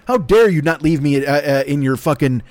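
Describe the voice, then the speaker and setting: Fairly high-pitched and animated, this older podcast host talks at a moderate pace with a darkish tone on a dry recording. Alone at a desk mic hooked to his laptop, he rambles through a profane monologue of crude, self-deprecating riffs.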